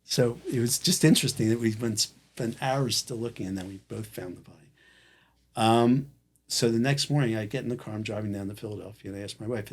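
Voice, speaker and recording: Husky, low-pitched man as a talk-show guest, lively storyteller who voices everyone in his tale. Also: fairly quick. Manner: animated storyteller acting out quoted dialogue. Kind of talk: casual storytelling.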